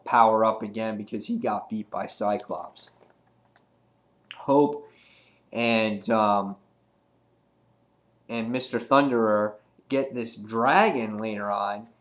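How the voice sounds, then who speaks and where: A man's voice: lowish voice, fairly bright tone. A man giving a casual comic book review, chatty and rambling with many ums and uhs.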